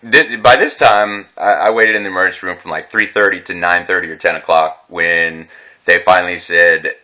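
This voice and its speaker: A distressed veteran recounts his ordeal in a rambling, agitated way, swearing and restarting his sentences. His voice sits fairly low but has a bright, forceful edge. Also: brisk. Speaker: veteran telling his story. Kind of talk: unscripted personal vlog.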